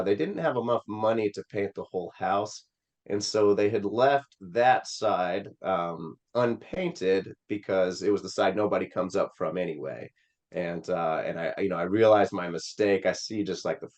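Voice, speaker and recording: A Senate candidate from Missouri, appearing as a podcast guest, tells a personal story in an interview, earnest and rambling with lots of fillers. His low-pitched voice is a little mellow and moves at normal speed.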